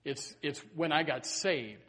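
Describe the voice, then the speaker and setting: A man preaching a sermon in a church, animated and full of stumbling restarts and repeated words. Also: a little high, unhurried. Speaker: pastor. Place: church sanctuary. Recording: long hall reverb.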